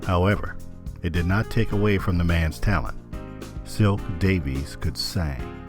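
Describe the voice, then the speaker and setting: Male audiobook narrator, very low pitch, measured and even delivery, faint music bed. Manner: measured, steady storytelling. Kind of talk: scripted narration.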